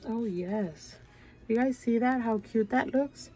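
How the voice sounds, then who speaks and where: A woman's voice: fairly high pitch, takes it slowly, darkish tone, soft background music. A woman hosting a craft channel, chatting casually and gushing over her work with a stuffy nose. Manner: gushing, chatty, keeps saying "you guys". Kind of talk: casual show-and-tell chat.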